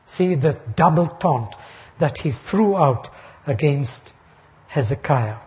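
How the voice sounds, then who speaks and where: Older male preacher, fairly high voice, emphatic verse-by-verse sermon, muffled lo-fi tape. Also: expressive, takes it slowly. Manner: emphatic, rising sharply on quoted taunts. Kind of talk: expository Bible sermon. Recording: dull lo-fi recording.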